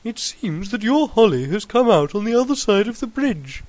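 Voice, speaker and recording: A man's voice: high-pitched, sing-song, normal speed, darkish tone, dry recording, voice pushed up. A man voicing a pompous, know-it-all male owl in a storybook parody, with a fussy, exclaiming manner.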